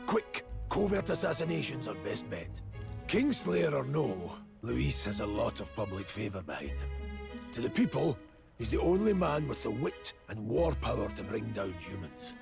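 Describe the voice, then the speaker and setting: An actor playing a stern, ruthless mercenary leader in a video game, speaking gravely and deliberately, with game music behind. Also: male voice, medium pitch, very animated. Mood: grim. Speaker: game character.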